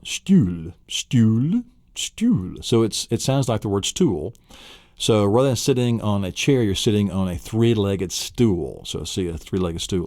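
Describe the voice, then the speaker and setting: A man's voice: sits low, a little mellow, no room sound, clean studio sound. A man from Tennessee with a Southern US accent, teaching vocabulary on a memory-training tape and quizzing the listener with vivid mental images. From Tennessee, USA. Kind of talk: recorded vocabulary lesson.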